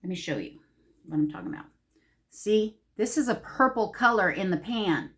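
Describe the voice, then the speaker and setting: A Los Angeles, California beauty vlogger gushes her way through a casual makeup tutorial, talking to herself while she applies products. Her medium-pitched voice is fairly bright, swings widely in pitch, and moves at a moderate pace.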